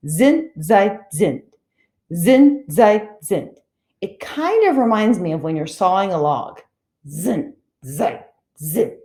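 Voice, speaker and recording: A woman teaching a German lesson, lively and sing-song, slowing down to drill words. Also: medium pitch. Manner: animated, sing-song, drills chants slowly. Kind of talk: classroom lesson. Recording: echoey room.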